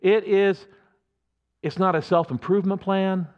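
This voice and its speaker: Conversational preacher in a reverberant hall. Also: male voice, high-pitched, fairly even intonation, measured pace, muffled recording. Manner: conversational, emphatic, with many restarts. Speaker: pastor. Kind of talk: sermon.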